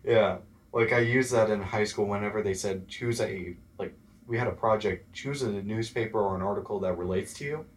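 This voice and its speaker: A young man from Texas chatting as an interview guest, telling animated stories and acting out the voices of people he quotes. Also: lowish voice, brisk. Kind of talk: casual interview chat.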